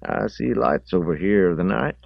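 A man voicing a contemplative, slightly drunk rural man with a Southern accent who speaks in a slow, wry drawl. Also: low-pitched, big pitch swings, gravelly, dry recording, lo-fi sound, voice pushed up, full character voice.

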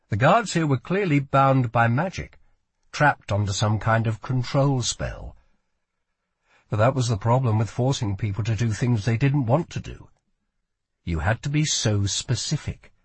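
A male audiobook narrator with a slightly husky voice, reading in a lively storytelling style with plenty of rise and fall in pitch. He is recorded close and dry, with no room sound. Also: no room sound. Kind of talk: scripted narration.

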